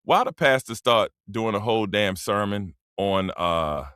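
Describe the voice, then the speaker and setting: A man's voice: lowish voice, animated, measured pace, fairly bright tone, clean tone, no echo, studio quality. A middle-aged man, hosting a casual livestream rant, loose and joking, laughing mid-sentence and calling out to his chat. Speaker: livestream host.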